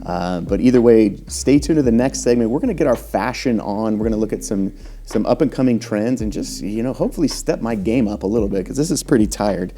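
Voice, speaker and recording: A man's voice: fairly low pitch, expressive, a little fast, dark tone, faint music behind. A man hosting a casual talk show, joking and upbeat, teasing himself and his guest. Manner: joking, upbeat, self-deprecating. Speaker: host. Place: local talk show studio.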